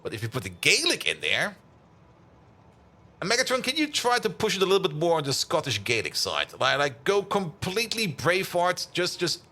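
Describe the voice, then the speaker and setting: A man's voice: sits high, bright, forceful tone. A man streaming a game, chatting casually, teasing his bot and laughing often. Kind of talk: casual gaming commentary.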